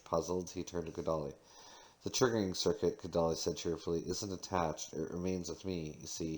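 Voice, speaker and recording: His voice sits low with a darkish tone as he reads a novel aloud, narrating and speaking the dialogue without changing his voice. This audiobook reader sometimes makes small slips and starts over.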